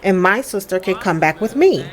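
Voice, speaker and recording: A woman's voice: mid-range voice, animated, moderate pace, lightly acted. A woman voicing a bossy, protective older sister in a life-sim game, talking in a pushy, demanding way. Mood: insistent.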